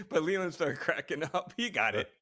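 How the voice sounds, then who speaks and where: A man's voice: high voice, husky. Chuckling middle-aged man telling stories. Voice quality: short of stature (said), plain voice. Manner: laughs often, animated, many restarts. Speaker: podcast co-host, former astronaut. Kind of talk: casual storytelling chat.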